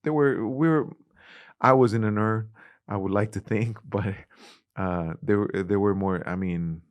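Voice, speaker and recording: A middle-aged man with a Spanish-influenced accent, a youth ministries director telling animated stories in an interview and acting out the dialogue. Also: fairly low pitch, a little slow, no echo. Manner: animated storyteller, acts out quoted dialogue. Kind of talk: conversational interview.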